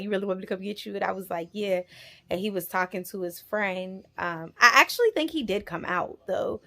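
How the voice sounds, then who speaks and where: A woman in her twenties telling a personal story on her vlog, animated and emphatic, with frequent swearing. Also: medium pitch, vocal fry. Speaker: vlogger.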